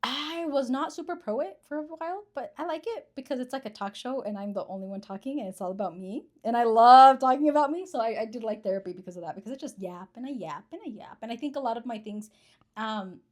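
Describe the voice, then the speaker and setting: Fast-talking young woman, chatty and rambling. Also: fairly high pitch. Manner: chatty, rambling, self-deprecating. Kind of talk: casual chat.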